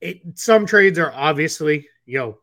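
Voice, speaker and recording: A man co-hosting a sports podcast, talking loosely with lots of "you know" and "um" and restarting his sentences. He has the hiccups. His voice is bright and forceful, and it sits close and dry with no room sound. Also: on the high side, animated, a little slow, no echo. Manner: rambling, many fillers and restarts. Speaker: podcast co-host. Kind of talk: casual sports chat.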